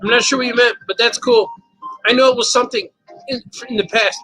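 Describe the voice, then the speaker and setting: High, bright-voiced joking man. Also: steady tone, fairly quick, faint music behind, low-quality recording. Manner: rambling, jokey, laughs often. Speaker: cartoonist hosting a live show. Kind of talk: casual live-stream chat.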